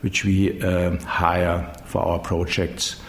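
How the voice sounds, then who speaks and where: Brief: middle-aged man, German accent, very low voice, hesitant non-native English, echoey room with faint rumble. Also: completely flat delivery. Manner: halting, searching for English words with many ums. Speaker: managing director of a dubbing studio. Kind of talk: interview answers.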